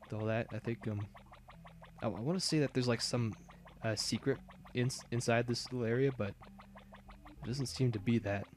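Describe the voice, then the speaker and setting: A man's voice: medium pitch, moderate pace, a little hiss or hum. Brief: laid-back male let's-player, loose and chatty. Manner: rambling, with restarts and fillers. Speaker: gaming video host. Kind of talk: casual let's-play commentary.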